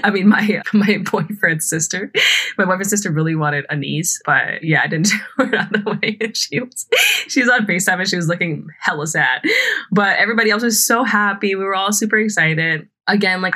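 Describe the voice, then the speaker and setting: A young woman hosting a podcast tells a personal story in a chatty, casual way, full of fillers, frequent laughs and free swearing. Her voice is lowish, bright and forceful.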